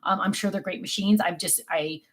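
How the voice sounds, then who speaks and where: A woman's voice: fairly even intonation, fairly quick. A middle-aged woman casually chatting on a home craft livestream, reading viewer comments and rambling with many ums. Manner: calls out to her dogs in a high sing-song voice. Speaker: livestream host of a craft channel. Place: home office.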